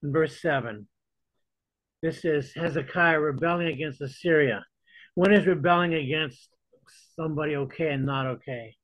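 A man's voice: fairly high pitch, moderate pace, fairly bright tone, no room sound. A man teaching a church Bible study in a conversational way, often repeating words as he restarts. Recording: dull lo-fi dry recording.

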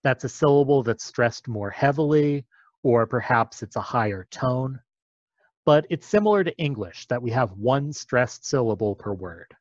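A man's voice: medium pitch, no echo, lo-fi sound. A man explaining a topic step by step in a patient, methodical lecture.

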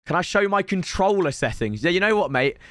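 A British man streaming live, his voice hoarse and worn. He talks in a lively, up-and-down way, pitched a touch high for a man, and breaks into excited shouts at the big moments. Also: fast talker, no echo, studio quality. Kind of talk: live-stream pack-opening commentary.

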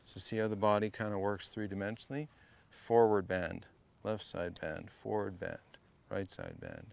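A man runs a hands-on golf lesson with a gravelly, low-set voice. He teases his student and keeps drilling the same short cues, half joking and half demanding. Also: animated, moderate pace. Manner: playful, teasing coach who drills short cues. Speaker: golf coach. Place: golf academy practice area.

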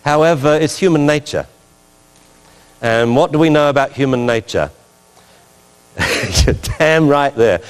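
A man lecturing on dog training in a big hall, his voice trailing off into a long reverb. He talks in an animated way, jumping into bits of acted commands to a dog. His pitch sits in an ordinary middle range. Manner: lively, acts out commands to the dog. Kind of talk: lecture with video commentary.

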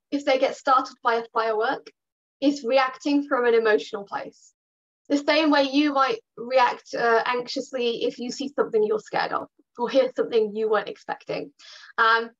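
Chatty high-voiced woman dog trainer. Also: fairly even intonation, moderate pace, a bit bright, muffled recording. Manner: chatty and reassuring, with fillers and upbeat put-on bits. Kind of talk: online workshop talk.

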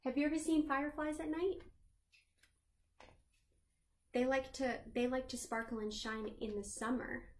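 A woman librarian reading a picture book aloud to children, gently asking them questions along the way. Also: high-pitched, steady tone, a little fast. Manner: sings the chorus lines in a lilting voice.

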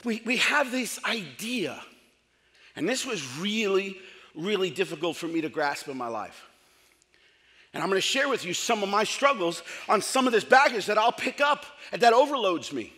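High-voiced, bright middle-aged male pastor. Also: normal speed, big-room sound. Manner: storytelling, comic, animated, acts out quotes. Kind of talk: sermon. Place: large church hall.

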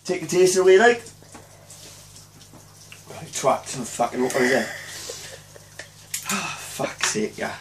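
A man's voice: a little high, expressive, slow pace, pauses often. A young man with a Welsh accent, swearing and groaning in disgust as he mixes a foul drink in a kitchen. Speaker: vlogger doing a drinking dare. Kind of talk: casual swearing commentary. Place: kitchen indoors. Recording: distant phone audio with background noise.

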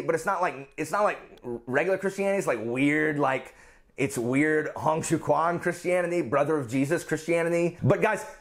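A man hosting a casual history explainer, animated and incredulous, talking with many fillers and restarts. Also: a little high. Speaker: book video host.

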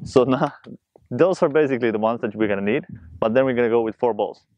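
A man teaching a juggling tutorial, talking fast and loosely while he demonstrates. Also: medium pitch, no echo, dull audio. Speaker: juggling instructor. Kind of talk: casual spoken tutorial.

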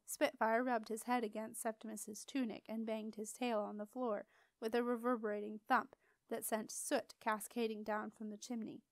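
Expressive woman audiobook reader, higher voice, very dry close sound. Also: normal speed, no echo. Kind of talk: storybook narration.

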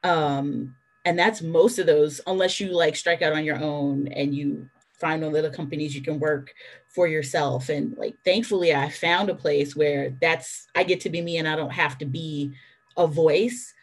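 A woman on a discussion panel who speaks candidly and in a storytelling way, with brisk asides. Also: low-pitched, steady tone. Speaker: phone sex worker on a panel.

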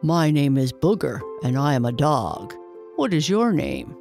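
Woman voicing a big gentle male dog, storybook, low and slow, kindly, soft music behind. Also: very animated, creaky, full character voice.

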